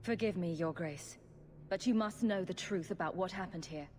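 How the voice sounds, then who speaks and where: An actress playing a blunt, stern guard captain in a video game, speaking firmly and matter-of-factly. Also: female voice, fairly low pitch, moderate pace, darkish tone, natural voice. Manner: blunt, firm, matter-of-fact. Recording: long reverb with faint noise.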